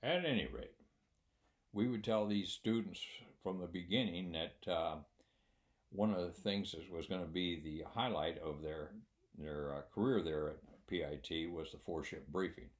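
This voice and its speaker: An older man who once trained pilots tells a story in a low voice. He rambles with plenty of fillers and a dry sense of humor. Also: normal speed. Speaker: former military flight instructor. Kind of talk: casual spoken anecdote.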